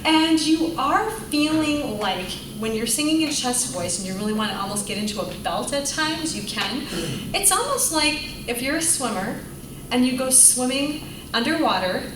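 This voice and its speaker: A woman's voice: high voice, lively intonation, moderate pace. A woman teaching a choir class, explaining and singing examples in an encouraging way. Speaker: vocal coach. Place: church rehearsal room. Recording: echoey room from far off, noisy.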